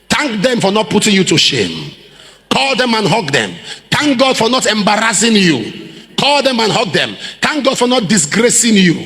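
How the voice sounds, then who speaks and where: High, lively Nigerian man preaching. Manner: preachy, rhetorical questions to the congregation, acts out quoted voices. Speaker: pastor. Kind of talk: sermon. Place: large church hall. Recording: long reverb of a large hall.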